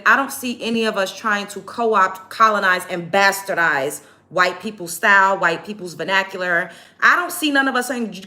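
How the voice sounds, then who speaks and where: A woman's voice: mid-range voice, sharp tone. A woman ranting bluntly and sarcastically to camera while getting ready, with a Black American English accent and frequent profanity. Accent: African American English. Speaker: vlogger. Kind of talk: get-ready-with-me rant to camera.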